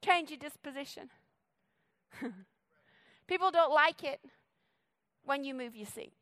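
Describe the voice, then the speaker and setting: High, bright fast-talking woman preacher. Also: no echo. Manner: fast-talking, playful, energetic. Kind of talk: sermon. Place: church stage.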